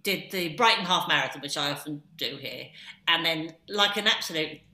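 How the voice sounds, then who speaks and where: A woman in her late forties, a comedian guest, telling a self-mocking story in lively podcast chat. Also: sits low, normal speed, reverberant. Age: late 40s.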